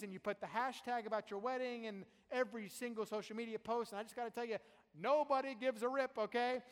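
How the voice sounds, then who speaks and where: High-voiced man preaching in a reverberant church. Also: fast talker, smooth. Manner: emphatic, repeating and restarting phrases. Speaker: pastor. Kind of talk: sermon. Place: church sanctuary before a congregation.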